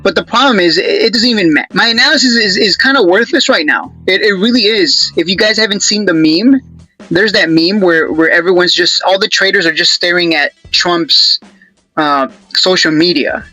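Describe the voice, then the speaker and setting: Bright high-voiced man rambling about charts. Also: normal speed, soft background music, low-quality recording. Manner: rambling and joking, many restarts. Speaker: stock chart analyst, channel host. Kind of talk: casual market commentary.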